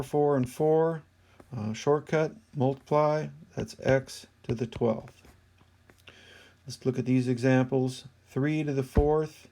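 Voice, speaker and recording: A man's voice: medium pitch, gravelly, dark tone. A man teaching a math lesson in a screen-recorded voice-over, patiently explaining each step.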